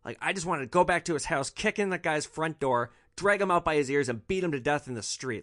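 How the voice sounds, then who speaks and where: A man's voice: on the high side, animated, brisk, few pauses, fairly bright tone, no room sound, studio quality. A male podcast host telling a story in a sardonic, profane way.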